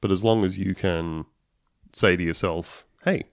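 A man co-hosting a casual political chat, animated and sarcastic, acting out quotes as he goes. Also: low voice, unhurried, gravelly, no room sound, studio quality.

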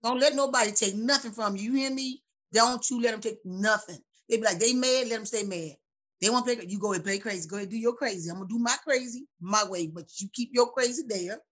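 A woman in her forties in casual chat, animated and preachy, laughing often, heard over a video call. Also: fairly high pitch, quick pace, hardly any pauses. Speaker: guest.

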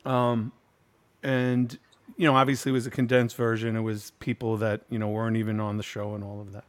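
A man's voice: on the low side, completely flat delivery, a little fast. A middle-aged man hosting a casual chat, telling a long story in loose street slang with plenty of swearing. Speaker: host.

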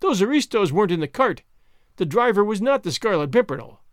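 A man's voice: high voice, big pitch swings, fairly quick, no room sound, clean studio sound, voice pushed up. A man voicing a pompous boastful gate sergeant. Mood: gleeful. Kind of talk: audiobook character voice.

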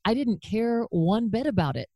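A woman's voice: mid-range voice, expressive, normal speed, warm tone, dry recording, clean studio sound. A woman in her forties hosting an interview podcast, chatting conversationally with a guest. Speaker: podcast host. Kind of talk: casual interview chat.

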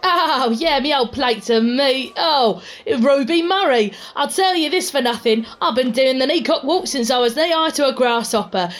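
A rambling Cockney street eccentric, acted by a woman, who chatters in a high, sing-song voice and breaks into cackles. She sounds like part of a comic audio sketch. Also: normal speed, hardly any pauses, natural voice. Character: loud eccentric middle-aged London street woman.

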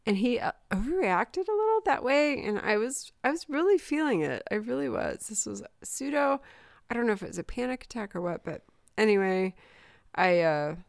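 A woman's voice: a little high, sing-song, normal speed, vocal fry, no room sound, studio quality. A woman in her forties, a mother from Southern California, telling a personal story in a candid, emotional way with many fillers in a casual chat.

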